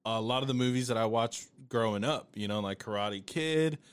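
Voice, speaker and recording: A man's voice: mid-range voice, normal speed, smooth. A man in casual podcast chat who rambles through his thoughts, swearing casually. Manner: rambling, many fillers and restarts, swears casually.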